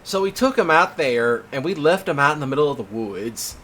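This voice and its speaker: A man hosting a casual chat, telling stories in an animated way, laughing often and swearing freely. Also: on the high side, a little fast, slight background noise. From Mississippi. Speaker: host.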